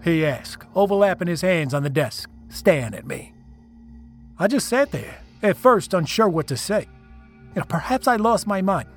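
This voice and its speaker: A man's voice: sits high, animated, normal speed, faint music behind. A man reading a first-person story aloud, telling it dramatically and with emotion. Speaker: narrator. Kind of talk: first-person scripted narration.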